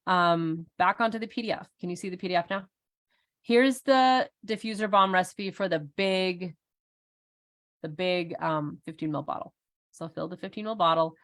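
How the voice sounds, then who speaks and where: Middle aged lady chatting thru an online workshop on a video call, giggly, lots of likes and ums, kinda low voice. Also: creaky, fairly bright tone. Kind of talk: casual live presentation.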